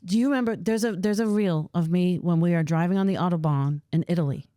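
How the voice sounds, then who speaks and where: A middle-aged woman hosts a casual podcast from home, spinning quick, teasing stories. Her voice sits a little low and mellow. The sound is close and dry. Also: dry recording. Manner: animated storyteller, quick and teasing. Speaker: podcast host. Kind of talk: casual chat.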